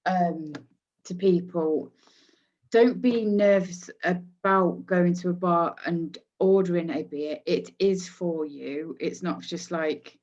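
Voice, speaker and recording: Relaxed woman host, muffled lo-fi audio. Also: on the low side, slow. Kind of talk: casual chat.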